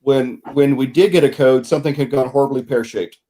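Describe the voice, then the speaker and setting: A man of ordinary pitch tells a story on a casual podcast. He speaks frankly with a wry edge, as a co-host sharing his experience. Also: fairly even intonation, fairly quick, dark tone.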